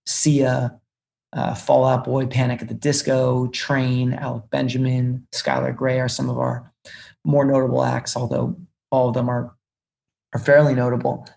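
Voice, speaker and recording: A young man, a music business executive, talking casually as a podcast guest and telling animated stories with lots of fillers and restarts. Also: medium pitch, a little slow, creaky.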